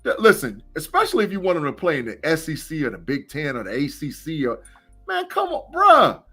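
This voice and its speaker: A man's voice: on the high side, very animated, fast talker, fairly bright tone, breathy edge, faint music behind. A man co-hosting a sports podcast, a former college football player talking emphatically and repeating his points. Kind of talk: casual sports chat.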